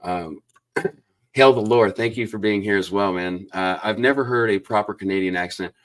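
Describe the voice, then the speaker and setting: A low-voiced man hosts a casual livestream interview, warm in his eagerness and full of fillers and restarts. He rambles along cheerfully, heard over a video call connection. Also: fairly even intonation, normal speed. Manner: enthusiastic, rambling with many fillers. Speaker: host.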